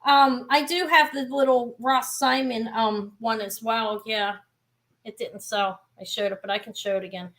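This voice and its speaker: A middle-aged woman with a somewhat high voice talks loosely and warmly as she runs a live jewelry sale. She rambles from piece to piece with fillers and little asides. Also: steady tone, normal speed. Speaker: live jewelry auction seller. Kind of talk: casual live-stream selling chat.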